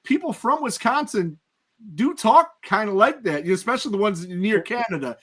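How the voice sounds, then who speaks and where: A man hosting a podcast, explaining points in relaxed, measured chat. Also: high-pitched. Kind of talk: casual interview chat.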